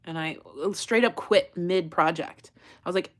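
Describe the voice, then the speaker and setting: A woman with a fairly low voice and lively intonation hosts a jewelry-making livestream at a normal speed. She chats casually, laughs a lot, and reads viewer comments aloud, sometimes dropping to a whisper as she works on her craft.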